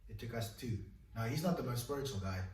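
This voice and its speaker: A man's voice: mid-range voice, lively intonation, fast, darkish tone, slight background noise. A South African man giving a candid personal testimony in conversation, telling it in an informal, rambling way with many fillers and restarts. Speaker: guest telling his faith story. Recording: echoey room, voice picked up from a distance.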